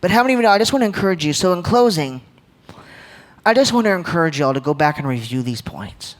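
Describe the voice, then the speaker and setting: Young man, twenties, church leadership talk, playful, laughs a lot, higher voice. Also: sing-song, quick pace. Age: 20s. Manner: playful, jokey, laughs often. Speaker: church speaker. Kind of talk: sermon-style leadership talk. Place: church hall, live audience.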